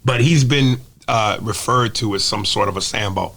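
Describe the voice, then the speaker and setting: A man's voice: lowish voice, moderate pace, gravelly, fairly bright tone. A man guest comedian in casual chat, making his points bluntly and emphatically, with some profanity.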